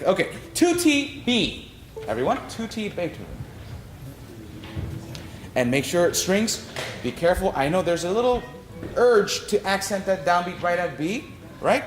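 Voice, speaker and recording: A man leads an orchestra rehearsal, giving notes and singing rhythms aloud to illustrate phrasing. His voice runs on the high side, with a little hiss or hum. The hall sounds roomy, with faint music in the background.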